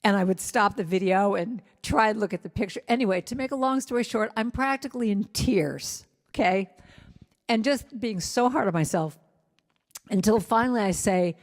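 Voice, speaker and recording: A woman's voice: mid-range voice, animated, normal speed, big-room sound. A woman guest speaker and singer telling a candid, self-deprecating personal story to a spiritual gathering. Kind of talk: sermon-style personal story. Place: spiritual center hall.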